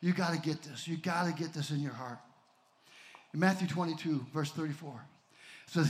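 A man preaching a sermon, swinging from shouts to near whispers and calling out to the congregation. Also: on the high side, moderate pace, long pauses.

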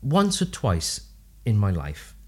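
A man's voice: fairly low pitch, slow pace, husky. A man, a speech and language therapist, telling personal anecdotes with humor as a guest in a podcast interview. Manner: warm, humorous anecdotal storytelling with lively asides. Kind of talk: casual storytelling interview.

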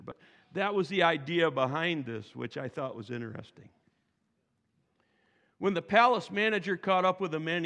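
A man preaching a sermon as pastor, telling the story in an animated way, acting out the quotes and adding chuckling asides. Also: on the high side, gravelly. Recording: long hall reverb.

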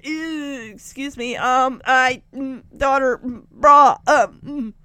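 A woman's voice: high voice, very slow, bright, forceful tone, clear, resonant tone, no room sound, heavily acted. Brief: woman playing a flustered, stammering father, close and dry. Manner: stammering, mumbling. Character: flustered embarrassed middle-aged father.

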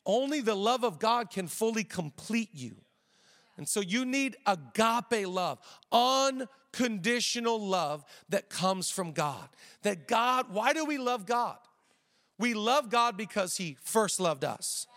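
High-voiced pastor preaching in a reverberant hall. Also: male voice. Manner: energetic, joking asides, slows for emphasis. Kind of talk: sermon. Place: church auditorium.

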